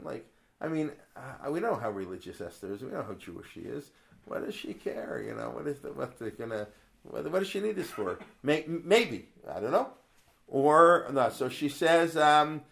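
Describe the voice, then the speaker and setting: This Torah class is led by a religious studies teacher whose mid-range voice is animated and creaky with fry, at a normal pace. Conversational throughout, he quotes Hebrew verses, asks rhetorical questions, and often strays and starts over.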